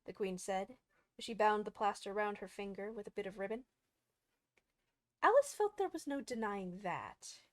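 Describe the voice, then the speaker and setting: A woman narrating a classic children's story in a calm, expressive audiobook reading. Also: medium pitch, moderate pace, dry recording.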